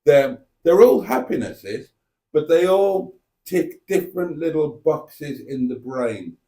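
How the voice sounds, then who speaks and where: A man's voice: fairly high pitch, sing-song, slow, mellow. A British man hosting a live stream, chatting in a casual, reflective and self-mocking way. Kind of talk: casual rambling live chat.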